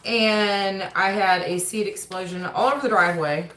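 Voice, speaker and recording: A woman's voice: mid-range voice, moderate pace, a bit bright, a little hiss or hum. A woman hosting a casual livestream mail call from her table at home, chatting and often breaking off to talk to her kids. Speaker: homestead channel host and mother. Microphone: camera on the table. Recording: roomy echo in a home.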